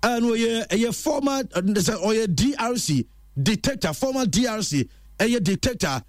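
A man presenting a chatty football news roundup in an animated storytelling way. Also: high voice, moderate pace, no room sound, clean studio sound.

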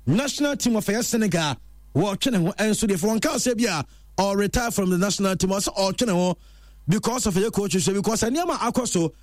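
Man, sports news presenter, high voice, dry close sound, chatty football roundup. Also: expressive, a little fast, dry recording.

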